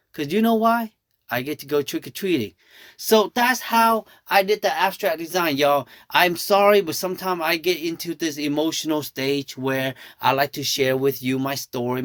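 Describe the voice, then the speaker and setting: A Thai-speaking nail artist in his thirties talks through a nail tutorial in a fairly bright, somewhat high voice. The studio-quality recording has no echo. He tells stories casually as he works, addressing his viewers as "y'all."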